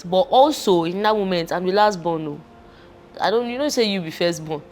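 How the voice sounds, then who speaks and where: A young woman with a Nigerian accent, chatting as a guest in a lively, emotional way and slipping in and out of Pidgin. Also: fairly low pitch, normal speed, slight background noise. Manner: animated, switches into Pidgin, emotional. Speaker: guest, fashion entrepreneur. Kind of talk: casual chat.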